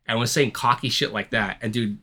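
A man's voice: medium pitch, fairly even intonation, brisk, pushed and bright. A man co-hosting a casual podcast chat, telling a rambling story full of swearing and acting out the people he quotes. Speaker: podcast co-host.

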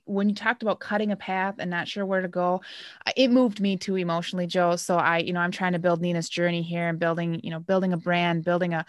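A woman's voice: on the low side, level tone, quick pace, dry recording, clean studio sound. A woman hosting a podcast interview, speaking in a reflective way with many fillers. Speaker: podcast host. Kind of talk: conversational interview.

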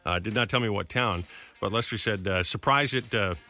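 A man's voice: fairly low pitch, brisk, sharp tone, soft background music. A man hosting a morning radio show, chatting casually, running through the day's birthdays and reading out listener mail. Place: radio studio. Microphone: studio microphone.

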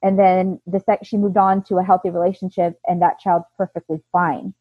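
A woman being interviewed, telling her own story in an earnest, halting way with frequent restarts. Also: fairly low pitch, little pitch movement, husky, no echo, narrow, tinny audio. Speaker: interview guest.

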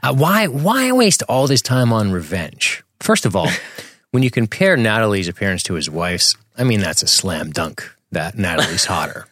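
A young man with a fairly low voice co-hosts a podcast, rambling through crude jokes with his friend. The sound is dry and close, with no room around it. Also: big pitch swings, normal speed, a bit bright, dry recording. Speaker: podcast co-host. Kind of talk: casual podcast banter.

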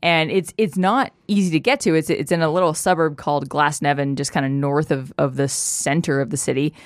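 A woman's voice: deep voice, steady tone, fairly quick, dry recording. Chatty woman, dry close sound. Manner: enthusiastic, chatty, many restarts. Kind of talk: casual chat.

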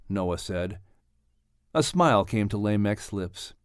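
Calm male audiobook narrator, dry sound. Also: fairly low pitch, slow, clean tone, no room sound. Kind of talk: scripted narration.

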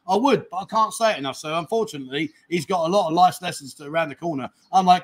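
Indoors at a family home in a village, a man with a high, slightly breathy voice hosts a casual livestream, talking fast with hardly any pauses. He reads out viewer messages and rambles chattily, swearing casually and restarting often.

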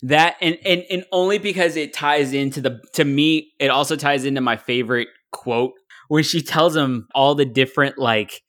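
A man co-hosting a casual movie podcast, animated, acting out quotes and swearing. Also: fairly high pitch, normal speed. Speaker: podcast co-host. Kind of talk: casual chat.

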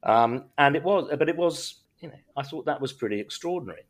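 A middle-aged man, a guest on a podcast, recounts a personal story in a loose, rambling style, restarting sentences often and adding wry humour. His voice is on the high side and expressive, and he talks briskly.

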